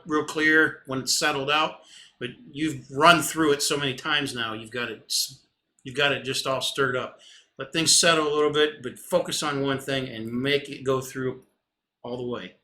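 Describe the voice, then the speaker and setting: A man's voice: mid-range voice, fairly even intonation, normal speed, a little hiss or hum. A man co-hosting a live stream of intuitive readings, speaking emphatically and repeating key words. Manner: repetitive and emphatic, swings from loud to muttered. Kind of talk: live psychic reading chat.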